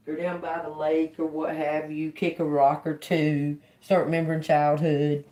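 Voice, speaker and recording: A low-pitched woman speaks at a moderate pace while hosting a casual tarot reading on a livestream. She's emphatic and laughs easily, swearing casually and repeating phrases for emphasis.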